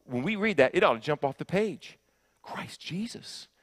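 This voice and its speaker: A man preaching a sermon, emphatic, often repeating his first words, swinging from loud stresses to soft, intense lines. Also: on the high side, expressive, a little fast. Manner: emphatic, repeats words when starting sentences. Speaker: guest preacher. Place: church sanctuary.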